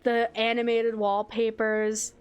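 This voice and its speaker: A woman streaming a video game, chatting casually, reading menu items aloud, getting excited and swearing freely. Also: a little high, takes it slowly, clear, resonant tone, dull audio.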